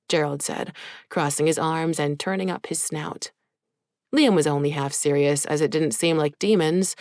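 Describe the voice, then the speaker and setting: Low-voiced woman narrating a story. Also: a little mellow, no echo, clean studio sound. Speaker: audiobook narrator. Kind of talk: scripted narration.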